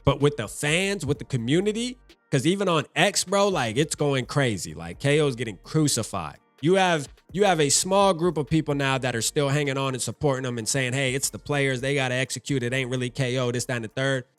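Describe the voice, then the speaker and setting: A man's voice: medium pitch, lively intonation, brisk, fairly bright tone, dry recording, soft background music. A young man talking casually and with feeling as the host of a fan video, reading out viewer comments. He repeats himself and drops "man" and "bro" through his talk.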